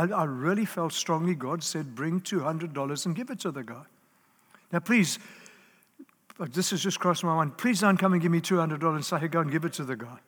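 A man's voice: a little high, fairly bright tone. A man preaching a sermon in an earnest, emphatic way, stacking up lists and repeating key words. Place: church hall. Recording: live in a large reverberant hall.

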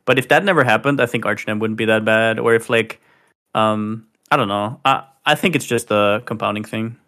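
A man's voice: lowish voice, normal speed. Laid-back male gamer, slangy, casual chat. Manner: relaxed, slangy.

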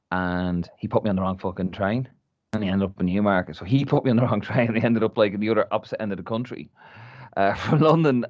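Low-voiced irish guy telling a story on a podcast, swears a lot, muffled dry sound. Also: no room sound. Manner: animated anecdote-telling, swears freely, laughs. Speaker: podcast co-host. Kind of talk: casual chat, storytelling.

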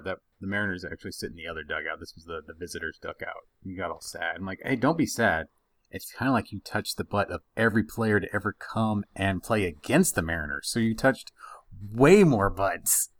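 A man in his thirties, a podcast co-host, telling a funny family story in a casual, animated way and laughing often. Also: low voice, a little fast, dry recording.

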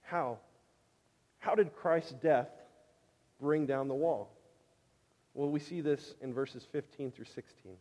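A man preaching a sermon with emphasis, swinging between loud declarations and hushed lines. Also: medium pitch, measured pace, pauses often. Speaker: pastor. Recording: long hall reverb.

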